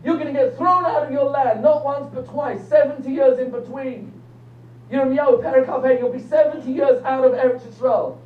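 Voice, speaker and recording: An older man, a rabbi giving a lively lecture that quizzes the audience and jokes with them. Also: very high voice, moderate pace. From England. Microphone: phone recording from the audience. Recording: distant, echoey, dull phone recording with faint hum.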